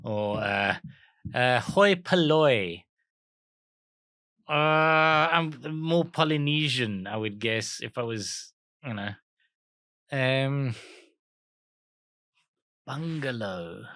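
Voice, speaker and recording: A South African man co-hosting a casual trivia podcast, thinking aloud in an animated, laughing way. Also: medium pitch, drawn-out words, pauses often, dry recording. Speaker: podcast co-host.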